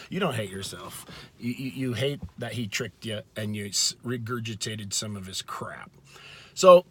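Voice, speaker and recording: A man talking earnestly to his viewers in a casual faith talk, with frequent restarts and slow, stressed words. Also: lowish voice, expressive, fairly bright tone, slight background noise. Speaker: video host.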